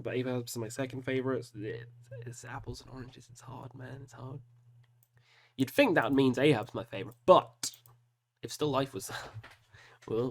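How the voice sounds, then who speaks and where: A man hosting a casual solo video, talking through music matchups and groaning over hard choices with self-mocking asides. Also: mid-range voice. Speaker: metal reaction host. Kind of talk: casual solo commentary while picking albums.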